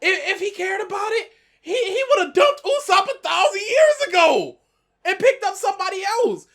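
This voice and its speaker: A woman co-hosting a casual chat, animated and laughing often as she reacts. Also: extremely high pitch, moderate pace. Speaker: podcast co-host.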